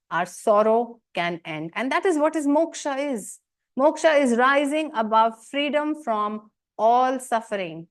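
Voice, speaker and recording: A woman, teaching as a spiritual teacher in an earnest commentary talk full of rhetorical questions and emphatic repetition. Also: fairly high pitch.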